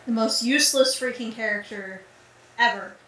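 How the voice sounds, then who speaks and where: Emphatic woman, bright, echoey and distant. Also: a little high, moderate pace. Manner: opinionated, emphatic. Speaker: podcast co-host. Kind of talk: casual movie-review chat. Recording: echoey room, far from mic.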